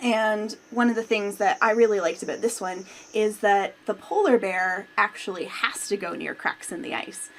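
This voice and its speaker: A woman's voice: medium pitch, normal speed, few pauses, slight background noise. A woman working as a museum teacher, hosting a children's storytime and lesson in an upbeat, friendly way that speaks to kids directly.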